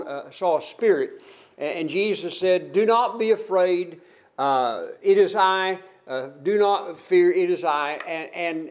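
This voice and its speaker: A man with a high voice preaches a sermon. He retells the story with emphasis, adds folksy asides and often repeats words when he starts a phrase over.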